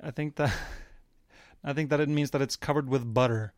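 A man co-hosting a podcast, rambling in casual banter with crude deadpan jokes. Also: medium pitch, normal speed, no room sound, clean studio sound. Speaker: podcast co-host.

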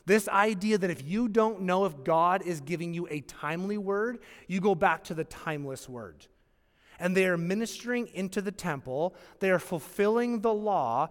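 A man preaching a sermon as pastor, with emphatic pauses and acted-out quotes. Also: sits high, animated. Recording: long hall reverb.

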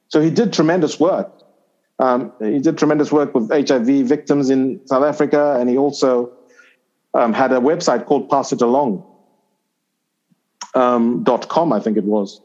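A middle-aged man from Zimbabwe recounts a personal story as an interview guest, meandering through it with ums and restarts. His pitch sits in an ordinary middle range. The audio is slightly dull and lo-fi. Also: moderate pace, a little mellow. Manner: rambling anecdotal, with fillers and restarts. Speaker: interview guest, former cricketer. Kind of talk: conversational storytelling.

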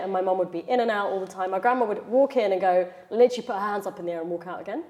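A woman's voice: mid-range voice, expressive, fast, darkish tone. A woman, chatting casually as a guest while she cooks in her home kitchen, often saying "like" and "you know". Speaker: chef and podcast guest. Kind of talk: casual chat while cooking.

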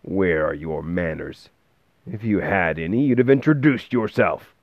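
Guy putting on a grumpy old shopkeeper, gruff and low, grumbles slow, kinda lo-fi dry sound. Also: expressive, no echo. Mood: grumbling.

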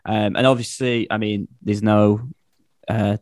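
A man's voice: lowish voice, flat delivery, a little slow, a little mellow, dry recording. Casual male podcast host, hesitant and chatty, dry close sound. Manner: hesitant, many fillers and restarts. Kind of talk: casual football podcast chat.

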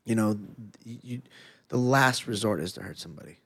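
This is a middle-aged man with a fairly low voice, telling stories in a loose, animated way. He swears freely and often breaks into laughter while he talks. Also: brisk, husky. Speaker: podcast guest, former fighter. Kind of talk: casual conversation.

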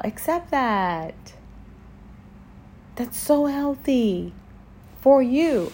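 Slow, gentle woman giving spiritual reassurance. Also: medium pitch. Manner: gentle, repetitive, reassuring affirmations; speaks directly to the listener, asking if they follow. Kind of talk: spiritual encouragement talk.

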